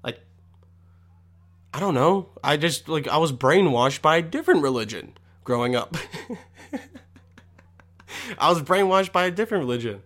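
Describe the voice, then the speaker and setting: A man's voice: fairly high pitch, animated, moderate pace, pauses often, fairly bright tone. A young man ranting to camera with constant swearing, rambling and mock exasperation. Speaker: vlogger. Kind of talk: profane comedic rant.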